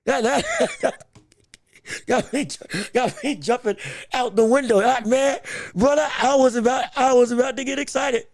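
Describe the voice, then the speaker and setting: Man, podcast host, gravelly voice, dry close sound, excitable, repeats himself, casual chat. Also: very high voice, measured pace, dry recording. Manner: excitable and animated, repeats words, laughs often. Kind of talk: casual live-stream chat.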